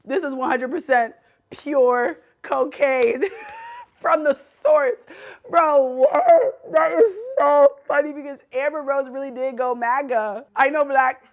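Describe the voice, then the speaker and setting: A woman hosting her own show, talking in a casual, animated, exclamatory and slangy way. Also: high-pitched, measured pace, muffled recording. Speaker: show host. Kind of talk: casual chat guessing celebrities.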